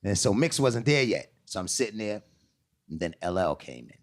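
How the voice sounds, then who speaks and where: A middle-aged man spinning a rambling story, his pitch swinging widely as he acts out each voice. He talks in a loose, laughing way, pushing his voice up high for the quotes and dropping it low for the asides. It is a relaxed conversation among friends. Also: normal speed, no room sound. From New York. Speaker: guest storyteller. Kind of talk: casual storytelling chat.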